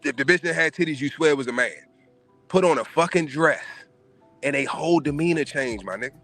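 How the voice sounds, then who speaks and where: A man's voice: fairly high pitch, brisk, fairly bright tone, soft background music. A man hosting a casual podcast, giving emphatic, profane opinions. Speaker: podcast host.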